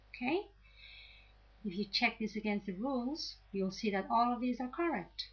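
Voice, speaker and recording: A woman's voice: a little high, normal speed. A woman teaching an English grammar lesson, explaining patiently and checking in with "okay?" after each point. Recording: slightly dull lo-fi audio.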